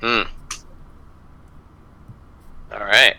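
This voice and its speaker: A man playing a tabletop game who describes his move slowly and hesitantly. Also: fairly low pitch, level tone, vocal fry, bright, forceful tone, no echo, rough recording. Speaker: player. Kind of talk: tabletop role-play.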